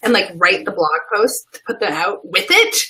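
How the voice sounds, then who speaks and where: A woman's voice: medium pitch, big pitch swings, moderate pace, pushed and bright, poor audio. A woman in her thirties hosting a casual live video chat from home, chatty and laughing often, heard over a webcam call. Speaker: host. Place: home, sheet hung behind her.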